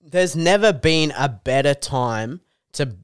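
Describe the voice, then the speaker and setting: A man's voice: fairly high pitch, animated, slow pace, smooth, no room sound, clean studio sound. A man ranting in crude, swear-heavy podcast banter. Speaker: podcast co-host.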